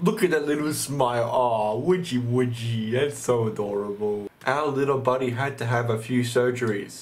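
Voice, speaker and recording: A man hosting his own channel, giving casual reaction commentary, gushing and exclaiming often, with the odd casual swear. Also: mid-range voice. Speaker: channel host.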